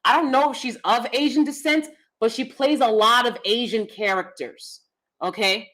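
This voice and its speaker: High-voiced woman ranting casually. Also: moderate pace, low-quality recording. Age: 30s. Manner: animated, emphatic, rambling with asides. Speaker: commentary channel host. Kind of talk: casual commentary and livestream chat.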